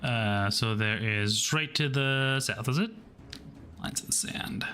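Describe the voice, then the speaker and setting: A man's voice: mid-range voice, takes it slowly, a little hiss or hum. Playful male gaming commentator. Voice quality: playful, chatty. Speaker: gaming streamer. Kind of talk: casual let's-play commentary. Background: loud game music.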